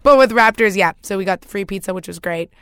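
Brief: young woman, radio co-host, chatty and easygoing, bright tone. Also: mid-range voice, clear, resonant tone, no echo, studio quality. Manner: easygoing, quick to laugh along. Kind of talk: casual radio chat.

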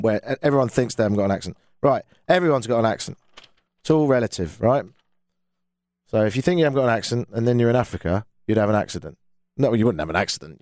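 A man's voice: mid-range voice, a little mellow, no room sound, studio quality. An English man hosting a call-in radio show, chatting in a wry, joking way and reading texts aloud. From England. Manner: wry, joking, self-mocking.

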